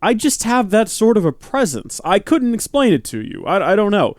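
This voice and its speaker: A man rambles through casual gameplay commentary, often poking fun at himself. His voice sits a bit high, and the sound is dry and close, with no room echo. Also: very animated, moderate pace. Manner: rambling, self-deprecating. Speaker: let's play host.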